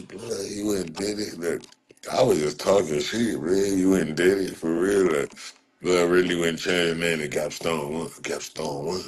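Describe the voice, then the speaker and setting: Profane husky-voiced man mocking his chat. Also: sits low. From Southern California. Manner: profane, mocking, laughing, slangy. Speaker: livestream host reacting to chat. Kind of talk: casual livestream banter.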